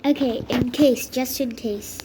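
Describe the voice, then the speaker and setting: A woman's voice: fairly high pitch, steady tone, a little slow, very noisy. A young woman muttering exasperated commentary while playing a building game, with dramatic outbursts. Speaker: gamer. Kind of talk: gaming commentary.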